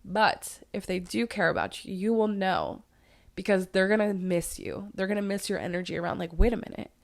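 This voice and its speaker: A young woman hosting her own podcast with a raspy, hoarse voice, giving earnest advice and repeating points for emphasis. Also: mid-range voice, lively intonation, normal speed. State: hoarse, voice tired. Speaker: podcast host. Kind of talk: solo podcast talk.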